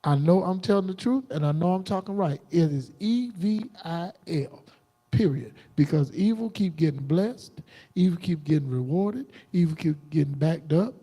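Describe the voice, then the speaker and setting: A man preaching a combative, defiant sermon on a livestream, jumping into sudden high outbursts. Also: moderate pace, mellow, breathy edge. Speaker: preacher streaming live.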